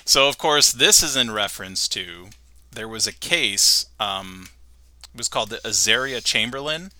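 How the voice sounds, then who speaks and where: A chatty male podcast host with a lively, animated delivery. His voice sounds very bright, and the recording is dry and close. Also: fairly low pitch, moderate pace, no room sound. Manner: chatty, laughs often. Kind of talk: casual chat, recapping an episode.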